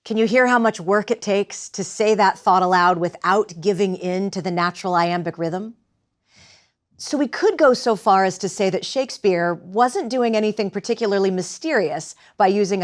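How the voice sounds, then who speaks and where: A woman acting teacher giving a lecture with demonstrations, speaking in a clear, measured way. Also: mid-range voice.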